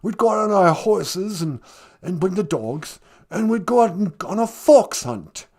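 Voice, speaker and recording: A man's voice: sits high, animated, measured pace, a little mellow, voice pushed up, full character voice. A man doing a comic impression of a fussy English prince, with a put-on English accent, hesitant and stammering. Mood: nostalgic.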